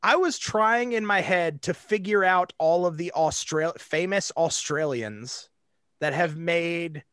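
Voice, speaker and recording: A man with a fairly high, slightly bright voice speaks slowly, his tone clear and resonant with no echo. He hosts a podcast in casual chat, giggling often and rambling with plenty of fillers.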